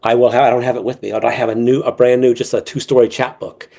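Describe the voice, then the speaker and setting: A man in loose podcast conversation, voice pitched at an ordinary middle height. He rambles, stumbles over his words and laughs often, dropping jokes and swear words as he goes. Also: flat delivery, fast, gravelly, warm tone. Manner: profane and joking. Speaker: guest author. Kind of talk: casual podcast chat.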